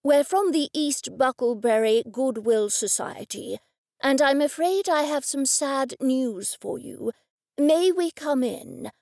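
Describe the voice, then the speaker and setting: A woman voicing a formal, precise gentleman in a storybook reading, who enunciates every word loudly and clearly. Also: a little high, measured pace, dry recording, studio quality.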